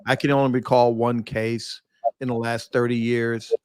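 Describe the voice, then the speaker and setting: A middle-aged man who is a defense attorney, a guest on a podcast, speaking in a measured, earnest way with some hesitant restarts. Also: mid-range voice, level tone, clear, resonant tone, no room sound.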